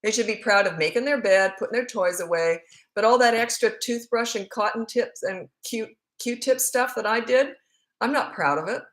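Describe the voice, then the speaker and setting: A woman's voice: a little high, normal speed, fairly bright tone, echoey room. A middle-aged woman parenting coach answering questions in a casual, candid live Q&A, often laughing. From Canada. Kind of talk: casual livestream Q&A.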